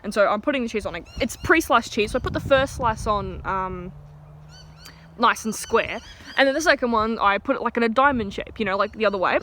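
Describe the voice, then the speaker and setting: A young woman rambles through a casual story, full of fillers. Her voice is bright and slightly high. Recorded outdoors with faint birdsong and ambience behind. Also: a little fast, a little hiss or hum. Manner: rambling, chatty, many fillers.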